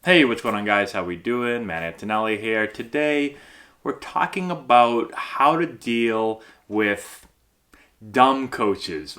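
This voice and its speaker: A man's voice: medium pitch, fairly bright tone. A man hosting an instructional baseball vlog, talking in an upbeat, conversational way and checking in with "okay?" and "right?" often.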